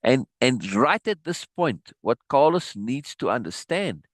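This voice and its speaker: A man hosting a live reading of a book, breaking off for animated, laughing asides with halting restarts. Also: medium pitch, no room sound. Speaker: host reading a book aloud. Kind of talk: live-stream reading with commentary.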